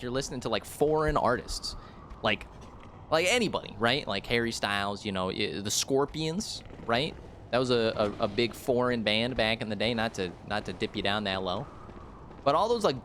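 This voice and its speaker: Animated, rambling young American streamer. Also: male voice, mid-range voice, a little hiss or hum. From United States. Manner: rambling, jokey, animated, lots of fillers. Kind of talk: casual live-stream commentary.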